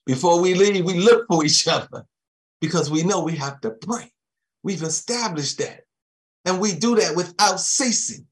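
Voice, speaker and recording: With a high-pitched voice, a man preaches a sermon, chuckling frequently and slipping amens and quiet thanks to Jesus in between his points.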